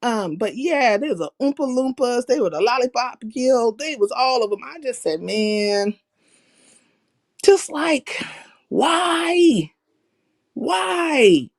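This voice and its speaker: A woman hosting a livestream, telling profane stories in a brash, animated, slangy way. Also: on the high side, normal speed, hardly any pauses, no echo. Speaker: livestream host. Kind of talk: casual profane storytelling chat.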